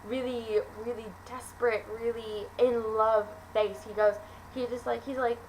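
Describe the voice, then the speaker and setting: A woman's voice: on the high side, level tone, unhurried, darkish tone, a little hiss or hum, low-quality recording. A teenage girl casually reviewing a film, gushing and rambling with lots of fillers and restarts. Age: teens.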